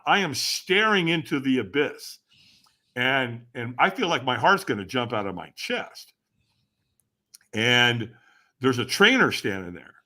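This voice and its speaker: A man as a podcast guest, telling a personal story in an animated way, acting out other people's voices and asking the listener rhetorical questions. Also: medium pitch. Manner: animated, acts out quoted voices with sudden shouts.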